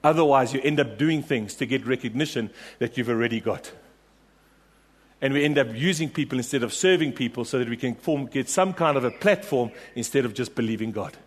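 A man's voice: mid-range voice, fairly quick. A man preaching a sermon, emphatic and repetitive, rallying his congregation with questions and refrains. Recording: long reverb of a large hall.

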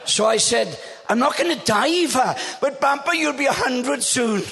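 A man in his seventies preaching a humorous, animated storytelling sermon on stage. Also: extremely high pitch, moderate pace, gravelly, in a large hall, slight background noise. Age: 70s.

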